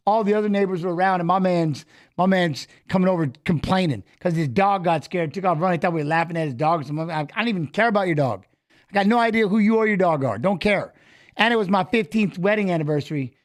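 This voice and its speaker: A man telling a heated story in casual chat, profane and animated, acting out what he said. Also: high-pitched, fast talker. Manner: animated, profane retelling of an argument.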